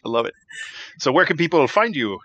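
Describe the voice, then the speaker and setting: A man's voice: on the high side, very animated, brisk, sharp tone, dry recording. Man, game master, casual chat, grateful, lo-fi mic. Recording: slightly dull lo-fi mic.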